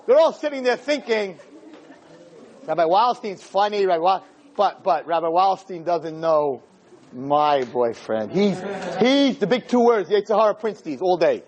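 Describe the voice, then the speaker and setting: A man, a rabbi, giving an animated, joking talk to teenagers and acting out little scenes as he goes. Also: high-pitched, measured pace. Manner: acts out voices of boys and girls, jokey, punchy.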